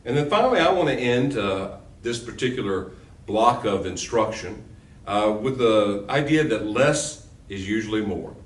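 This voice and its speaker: A man's voice: lowish voice, expressive, moderate pace, roomy sound, distant mic. A man teaching a recorded lecture as a law instructor, with an emphatic, punchy delivery.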